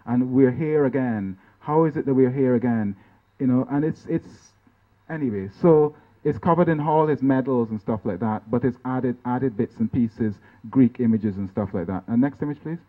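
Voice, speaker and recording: A man from Guyana giving an informal artist's talk over slides, halting with many restarts and tag questions like "right?" and "you know". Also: medium pitch. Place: lecture venue. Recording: tinny, phone-like band-limited sound.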